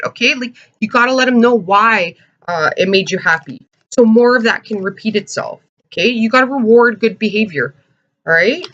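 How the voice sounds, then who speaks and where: A woman's voice: a little high, animated, a little fast, fairly bright tone, dull audio. A woman giving a casual tarot reading to camera, chatty, with many "uh"s, and checking in with "okay?" and "all right?". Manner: searches for words with frequent "uh" and "um". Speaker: tarot reader.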